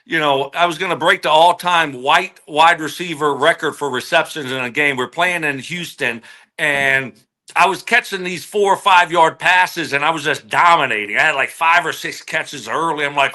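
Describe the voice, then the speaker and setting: A man's voice: a little high, normal speed, pushed and bright. A man in his forties, a former wide receiver and podcast guest, telling a story casually and animatedly, his voice jumping up when he replays his own outbursts.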